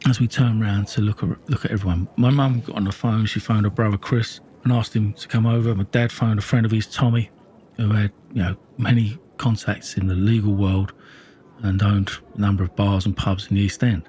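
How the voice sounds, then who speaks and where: A man's voice: fairly low pitch, flat delivery, brisk, dark tone, slight background noise. A middle-aged man telling a raw first-person true-crime story, blunt and intense, with heavy swearing.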